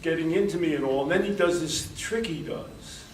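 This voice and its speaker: A fairly high-pitched, darkish-toned American man speaks at a normal pace, giving a conversational workshop lecture that rambles through stories and acts out dialogue. Recorded in a workshop room with a distant hall mic, it sounds roomy and carries a little hiss or hum.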